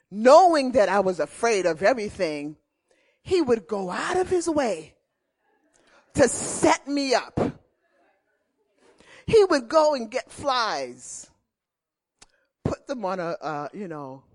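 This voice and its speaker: Animated woman preaching a slow sermon. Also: on the high side. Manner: animated storytelling, repeats key phrases. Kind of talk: sermon with personal testimony.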